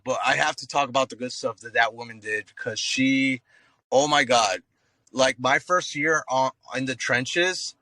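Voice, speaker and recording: A thirties-aged active-duty Marine, guesting on a podcast, spins loose, profane stories and calls everyone "bro." His voice sits at a medium pitch, and the recording is rough with no room sound. He's slangy and animated, acting out voices as he tells his tales.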